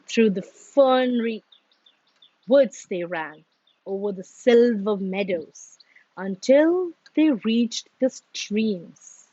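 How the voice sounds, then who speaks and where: Slow expressive woman reading a storybook. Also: on the high side, dry recording, lo-fi sound. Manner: slow, expressive, sing-song. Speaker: children's story reader.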